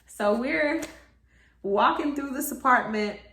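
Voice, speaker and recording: A woman's voice: high voice, takes it slowly. A young woman vlogger telling a story in casual chat to her viewers, swearing freely and acting out what people said. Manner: animated, swears freely, acts out quotes. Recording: roomy echo.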